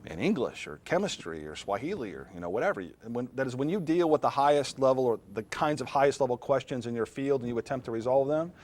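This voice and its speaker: A middle-aged philosophy professor lectures a class in a conversational, unscripted way, pausing to pose questions to the room. His voice is animated, ordinary in pitch for a man, and darkish in tone, with a little hiss or hum.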